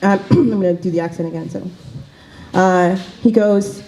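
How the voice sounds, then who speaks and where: A woman's voice: on the low side, steady tone, moderate pace, mellow, a little hiss or hum, low-quality recording. A woman doing a stand-up comedy set in a small cafe, chatty and full of fillers and asides.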